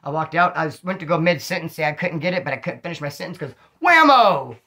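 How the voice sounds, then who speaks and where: A man's voice: a little high, fast talker. A man casually telling stories from his past in heavy street slang, acting out what people said. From California. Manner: streetwise slang, animated, acts out quotes. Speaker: storyteller recounting prison life. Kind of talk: casual storytelling monologue.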